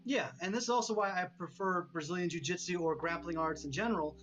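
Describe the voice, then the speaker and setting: A man in his thirties, a guest in an interview, talking in a calm, matter-of-fact way. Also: sits high, quick pace, muffled recording. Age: 30s. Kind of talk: casual interview talk.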